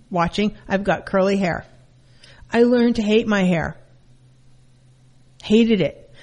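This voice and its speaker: A middle-aged woman giving an informal lesson on counseling, telling personal stories in a lively way. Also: mid-range voice. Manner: animated, acts out her mother's voice. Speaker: counselor teaching a class.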